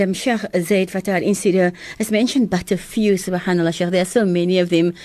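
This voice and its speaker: A woman with a South African accent hosts a radio talk program from the studio. She speaks quickly with a mellow, dark tone, greeting listeners and leading into breaks. Her affirmations are short and brisk. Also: mid-range voice. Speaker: radio show host.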